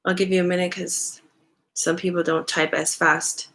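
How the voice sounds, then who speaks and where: Bright-voiced woman hosting a chatty live stream. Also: fairly low pitch, moderate pace. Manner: conversational, relaxed, many fillers like "um" and "you know"; answers viewer questions from chat. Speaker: natural hair care host.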